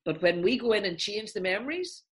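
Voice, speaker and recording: Animated woman therapist explaining a technique. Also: mid-range voice, fairly quick. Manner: animated, acts out examples in voices. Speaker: therapist guest.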